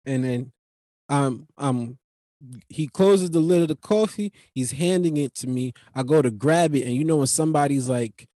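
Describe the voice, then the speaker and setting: A man's voice: mid-range voice, normal speed, dry recording, studio quality. Profane New man telling stories. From New York. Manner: profane, animated, rambling. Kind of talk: comic storytelling monologue.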